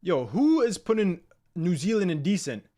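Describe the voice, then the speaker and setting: A man's voice: high voice, very animated, moderate pace, mellow. A young man casually hosting a live football ranking stream, chatting loosely and reacting to viewers' comments with slang. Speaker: livestream host.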